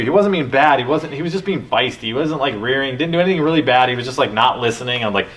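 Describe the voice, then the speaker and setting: A man hosting a podcast, telling stories in a rambling, animated way with many restarts. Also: medium pitch, fast talker, few pauses. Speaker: podcast host. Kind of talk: casual conversation. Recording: distant mic with faint background noise.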